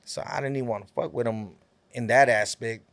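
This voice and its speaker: A man's voice: medium pitch, fairly even intonation, fairly quick, fairly bright tone, dry recording. A man guesting on a podcast, telling a long story in a laid-back, rambling way, full of fillers and quoted back-and-forth. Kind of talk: casual storytelling.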